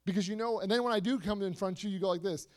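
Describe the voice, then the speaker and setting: A man preaching to a youth group, animated and repetitive, swinging between soft asides and loud emphasis with lots of rhetorical questions. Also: high-pitched, racing. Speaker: youth speaker.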